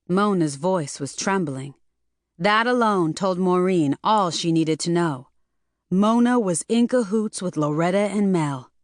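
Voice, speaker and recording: A woman narrating an audiobook in an even, measured, scripted reading. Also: fairly low pitch, no room sound, studio quality.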